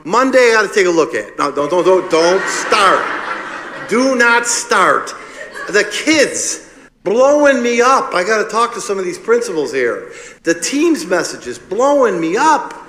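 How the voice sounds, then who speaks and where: A man's voice: sits high, moderate pace, in a large hall, a little hiss or hum. A man chairing a public meeting, joking and chatting casually. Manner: joking, animated.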